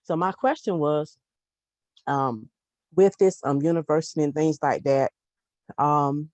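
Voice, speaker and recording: A woman on a group video call, speaking in a heartfelt, halting way as she holds back tears and asks a question. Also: deep voice, a little mellow, no room sound. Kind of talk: emotional testimony and question.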